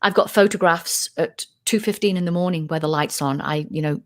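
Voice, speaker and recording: Talking fairly quickly in a fairly low voice, a middle-aged British woman guests on a casual interview as a UFO researcher. She tells her story animatedly, performing the voices of the people she quotes.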